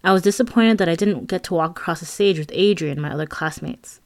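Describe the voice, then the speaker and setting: A woman's voice: lowish voice, quick pace, gravelly, dry recording, studio quality. A woman reading her own memoir aloud as an audiobook, candid and wry, with frank asides to the listener. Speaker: memoir narrator.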